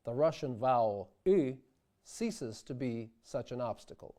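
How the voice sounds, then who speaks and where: A man giving a scripted lesson on singing diction, with a measured delivery that pauses to demonstrate the pronunciation of individual words. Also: mid-range voice, lively intonation. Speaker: diction instructor. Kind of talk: scripted instructional narration.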